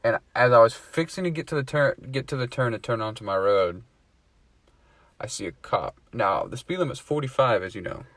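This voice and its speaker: A man in a relaxed chat tells a rambling story, swearing freely and breaking into laughter at himself. His voice sits at an average pitch and is recorded close and dry, with no room sound. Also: normal speed, no echo. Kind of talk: casual storytelling among friends.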